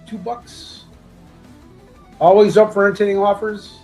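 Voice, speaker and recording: A man running a live comic book auction, congested from a sinus infection, joking loosely and clearing his throat as he lists issues and prices. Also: high-pitched, level tone, measured pace, warm tone, faint music behind, low-quality recording. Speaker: auction seller.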